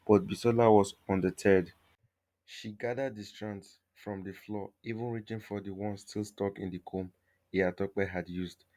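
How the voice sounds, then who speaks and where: Deep-voiced male folktale storyteller. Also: steady tone, measured pace, dark tone. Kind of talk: scripted folktale narration.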